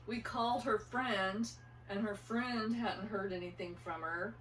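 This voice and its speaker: A woman's voice: mid-range voice, a little slow, a little hiss or hum. Older woman telling family stories, roomy. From eastern Idaho. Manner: animated, acts out her own panicked quotes. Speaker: interviewee, mother. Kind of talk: casual storytelling. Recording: roomy and distant.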